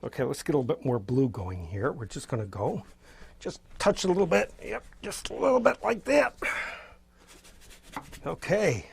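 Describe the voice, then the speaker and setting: Male art instructor, slightly higher pitch, husky tone; relaxed, encouraging demo delivery. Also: normal speed, pauses often. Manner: encouraging, loose and spontaneous, fires things in. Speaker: painting instructor. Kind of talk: casual painting demonstration.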